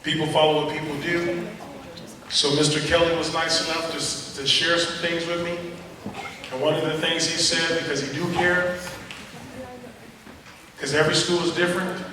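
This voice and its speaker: A man's voice: a little high, moderate pace, pauses often, background noise. A man giving a motivational speech to students, telling stories and acting out what people said. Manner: animated storytelling, acting out quotes. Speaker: motivational speaker. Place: school assembly hall. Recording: echoey hall recorded from far off.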